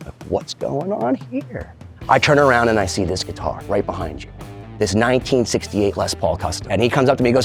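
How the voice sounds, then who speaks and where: A man's voice: mid-range voice, very animated, a little fast. A guitar collector telling a story with enthusiasm as he builds to a reveal.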